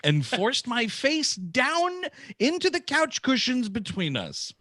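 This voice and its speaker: A man with a high, bright voice reads a listener letter on a comedy podcast, his pitch leaping all over. He laughs easily as he reads. The recording is dry and close. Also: slow pace, dry recording. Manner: animated, laughing.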